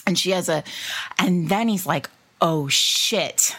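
A woman co-hosting a podcast, chatting casually about a romance novel, animated and laughing often as she acts out dialogue. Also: lowish voice, moderate pace. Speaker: podcast co-host. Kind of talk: casual book discussion.

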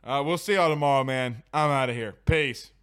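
A man's voice: medium pitch, brisk, noisy background. A man hosting a casual sports talk stream, joking and laughing easily. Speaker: sports show host.

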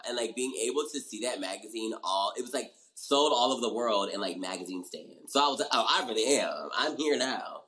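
A man's voice: medium pitch, lively intonation, a little fast, hardly any pauses, bright, forceful tone, low-quality recording. A young man as an interview guest, animatedly telling his story and acting out his own past reactions. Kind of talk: casual interview chat.

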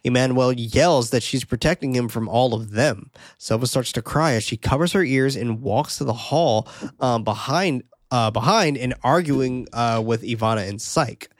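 A man's voice: medium pitch, normal speed, no room sound. Man recapping a film, dry sound. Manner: narrates scenes, then riffs with casual swearing. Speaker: podcast host recapping a film.

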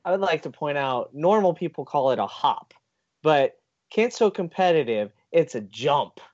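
A man's voice: a little high, expressive, moderate pace, a little mellow, highs cut off. A man hosting a casual podcast, joking around and asking his guest questions. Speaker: podcast host.

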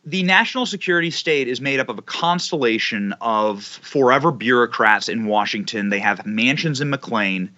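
A man speaking as a guest commentator in impassioned, emphatic political commentary, building his points with dramatic pauses. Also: medium pitch, lively intonation, sharp tone, dull audio.

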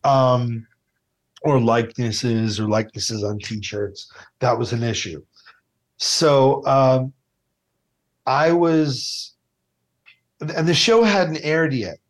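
A man telling a story in a casual interview, lively and animated. He swears easily and slips into other people's voices. His pitch sits in the middle range and the sound is clean. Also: slow, long pauses. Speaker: TV food show host, interview guest.

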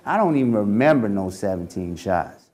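Man telling his story with a mellow voice. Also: on the low side, lively intonation, normal speed. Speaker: interviewee recounting his past. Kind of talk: first-person storytelling.

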